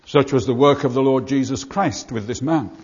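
A man's voice: medium pitch, normal speed, breathy edge. Earnest older man preaching in a hall. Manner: earnest, repetitive emphatic preaching. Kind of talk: sermon. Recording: muffled hall recording with long reverb.

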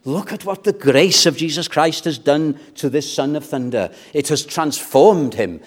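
Male pastor, unhurried sermon delivery, climbs into fervent appeals. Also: fairly high pitch. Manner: measured, rising to fervent exhortation.

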